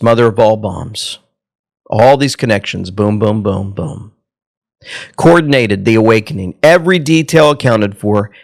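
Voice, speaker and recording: Earnest low-voiced man hosting a show. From Georgia, US. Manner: earnest, emotional, addresses listeners as folks. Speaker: host. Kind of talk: commentary and prayer.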